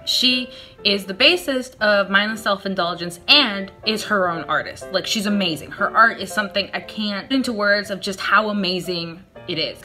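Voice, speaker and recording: A woman's voice: mid-range voice, sharp tone. A young woman vlogger telling a personal story in a chatty, self-deprecating way, acting out her own nervous replies. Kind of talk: casual storytelling vlog.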